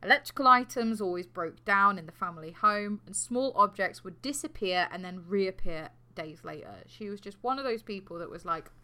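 Woman, podcast co-host, casual true crime storytelling, bright tone, animated and sweary. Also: medium pitch, moderate pace, few pauses.

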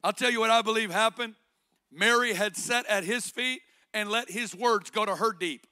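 High, bright-voiced impassioned male preacher. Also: normal speed. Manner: impassioned, with rhetorical questions and repeated phrases. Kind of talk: sermon.

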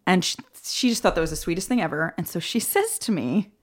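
A woman guest on a podcast, telling stories in a casual, animated way, acting out quoted voices and often laughing. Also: on the low side, fairly quick. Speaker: guest, film director. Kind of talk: casual podcast interview storytelling.

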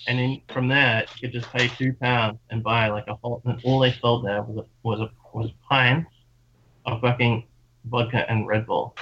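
A man's voice: mid-range voice, little pitch movement, moderate pace, slight background noise. A man with an Australian accent telling long, rambling, profane stories in casual chat. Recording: dull lo-fi sound.

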